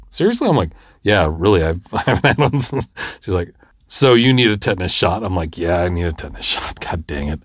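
A man in his forties hosting a podcast, telling a personal story casually and animatedly, jumping high in pitch to act out the people he quotes and laughing at himself along the way. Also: no room sound, clean studio sound. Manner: animated, acts out quoted voices with big pitch jumps; self-deprecating, laughs through the story. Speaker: podcast host and filmmaker.

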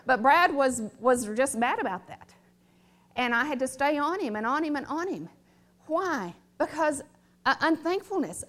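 Middle-aged woman pastor, high pitched, emphatic sermon delivery with call-and-response. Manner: emphatic, repetitive, calls for audience response. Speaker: preacher.

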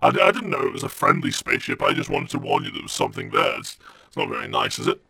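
A man's voice: quick pace, sharp tone, no echo, heavily acted. A man voicing a needy, vain male spaceship computer that sulks and fishes for compliments, in a comedic improvised role-play. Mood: sulking. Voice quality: very deep and gravelly. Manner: sulky, fishing for compliments.

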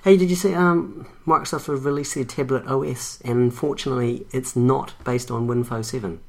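A man's voice: mid-range voice, steady tone, brisk. A man co-hosting a casual tech podcast. He chats and teases, often stumbling over his words and restarting. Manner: chatty, stumbling restarts, teasing. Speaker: podcast co-host.

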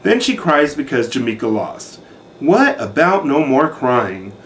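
A man's voice: medium pitch, big pitch swings, unhurried, slight background noise. A man giving a sassy, catty recap of a reality show in a campy, sarcastic manner.

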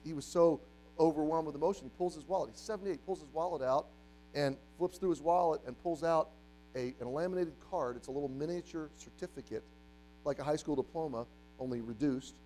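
A man preaching a sermon to a congregation, telling a story and moving from quiet, hushed passages to loud, emphatic ones. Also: a little high, a little fast, soft background music, low-quality recording. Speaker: pastor. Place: church.

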